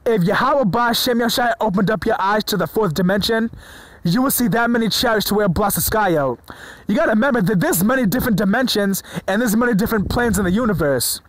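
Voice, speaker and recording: Excited high-voiced man preaching, dry sound. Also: fast talker, dry recording, rough recording. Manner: excited, stumbling over words, swears freely. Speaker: religious video preacher. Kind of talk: excited informal preaching to camera. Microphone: phone or screen recorder mic.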